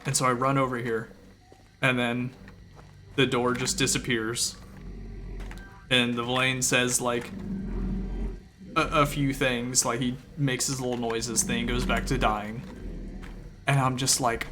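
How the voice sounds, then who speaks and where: A man's voice: medium pitch, little pitch movement, a little slow, pauses often, background noise. A man streaming a game, recapping his frustration in a rambling, exasperated way, often acting out his own thoughts. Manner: rambling with fillers and repeated phrases. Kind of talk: casual ranting recap of a game.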